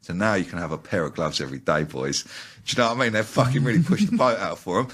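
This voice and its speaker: A young man, talking fast as an interview guest, ranting and swearing heavily in casual chat. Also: low-pitched, animated, a bit bright, husky.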